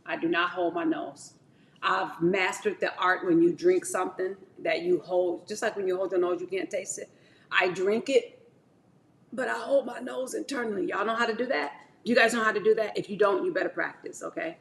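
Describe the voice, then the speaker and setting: A woman's voice: lowish voice, normal speed, gravelly, slight background noise. Chatty woman vlogging from an echoey kitchen. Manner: chatty, animated, addresses viewers as y'all. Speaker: wellness vlogger. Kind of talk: casual chat to camera.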